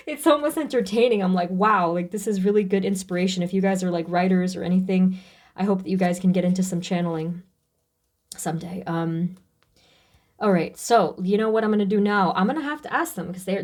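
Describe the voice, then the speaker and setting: A woman giving a casual tarot reading, talking in a halting, emotional way with many fillers and restarts. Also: fairly low pitch, a little mellow. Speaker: tarot reader.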